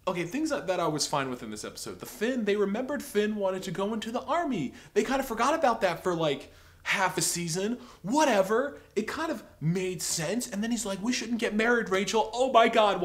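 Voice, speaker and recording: A man's voice: sits high, expressive, a little fast. A man giving an opinionated, rambling TV review, exasperated and sarcastic, full of filler words. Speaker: TV episode reviewer.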